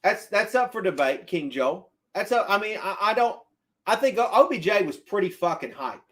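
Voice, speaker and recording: A man's voice: sits high, lively intonation, a little fast, fairly bright tone. A man streaming casual football commentary, emphatic and repetitive, answering his chat. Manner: emphatic, repeats himself, argues with chat. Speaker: sports streamer.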